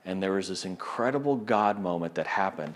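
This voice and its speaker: A man preaching, telling a story in an animated way and acting out the people he quotes. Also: low-pitched, brisk. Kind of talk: sermon storytelling.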